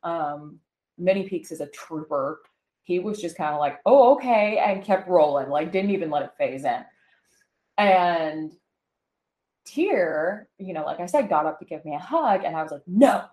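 A woman's voice: deep voice, animated, normal speed, a little mellow. A woman co-hosting a podcast in casual personal chat, candid and rambling, full of "like" and "you know", recorded at home. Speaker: podcast co-host. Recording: echoey room.

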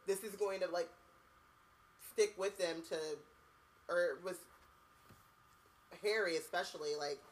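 Woman cohosting a podcast, rambly casual chat, says like a lot, lowish voice. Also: unhurried, pauses often, low-quality recording. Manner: chatty, full of "like" and "you know what I mean". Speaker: podcast co-host. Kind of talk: casual chat and reading a book aloud.

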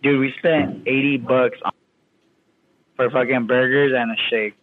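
A man's voice: medium pitch, steady tone, a little slow. Slangy young man on a tinny line. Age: young adult. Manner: slangy, swears a lot. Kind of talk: casual chat.

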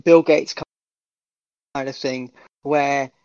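A man co-hosting a football podcast, talking in an animated, jokey way and swearing freely. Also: mid-range voice, takes it slowly, clean tone, no room sound. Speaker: podcast co-host. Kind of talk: casual football call-in chat. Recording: dull dry podcast audio.

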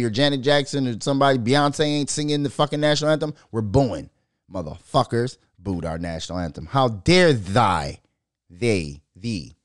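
A man from Minnesota hosting his own podcast, talking casually, swearing a lot and riffing into animated rants. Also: mid-range voice, dry recording, studio quality. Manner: profane, animated, riffing and ranting. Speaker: podcast host. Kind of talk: casual solo podcast rant.

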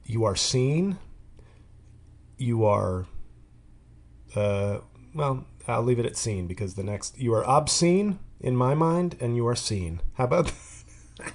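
A man in his thirties hosting a podcast, telling a rambling, crude, self-mocking comic monologue. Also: mid-range voice. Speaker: podcast host. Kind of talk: casual comedic monologue.

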